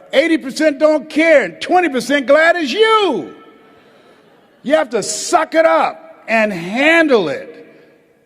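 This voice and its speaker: An older man, a motivational speaker from the United States, addressing a live audience and calling on them to raise hands and repeat after him. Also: very high-pitched. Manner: calls for audience responses, dramatic pauses. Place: large auditorium. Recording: hall reverb.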